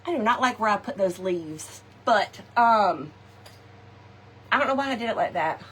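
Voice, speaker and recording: A middle-aged woman, hosting a live crafting chat, animated and laughing often as she tells stories to her viewers. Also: mid-range voice, normal speed, slight background noise. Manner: animated, laughing often, folksy slang, talks to viewers directly. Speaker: craft shop host.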